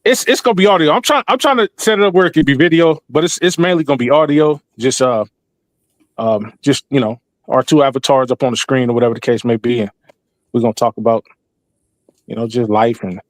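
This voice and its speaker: A man's voice: mid-range voice, brisk, no echo. An older man rambling and joking as a guest on a livestream panel, fond of doing impressions. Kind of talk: casual chat on a livestream.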